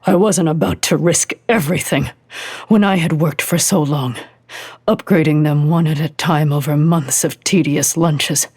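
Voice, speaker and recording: A cool, sardonic man taunting his interrogators in a low, husky drawl, as a woman narrator puts him on. He sounds smug and unhurried. The recording is dry and close. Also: a little mellow, no echo. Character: smug male hacker terrorist, cool and sardonic.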